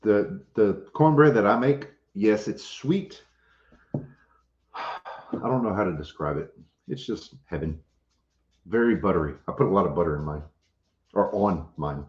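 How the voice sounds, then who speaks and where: A man's voice: deep voice, lively intonation, unhurried, long pauses, darkish tone. A man hosting a casual livestream, chatting with viewers in a laid-back, joking way. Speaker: homestead channel host. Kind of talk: casual livestream chat, reading viewer comments. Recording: roomy, dull lo-fi audio.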